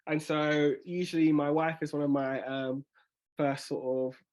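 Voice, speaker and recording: A man with a slightly higher voice teaches a spoken word workshop in an easy, unhurried way. He thinks aloud as he works through his own writing and reads his lines slowly and deliberately. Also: flat delivery, darkish tone.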